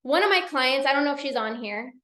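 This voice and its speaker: A woman coach talking casually in a live session, energetic and chatty with many restarts. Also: high-pitched, brisk, echoey room. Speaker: binge eating coach hosting a live session. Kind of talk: casual live-stream talk.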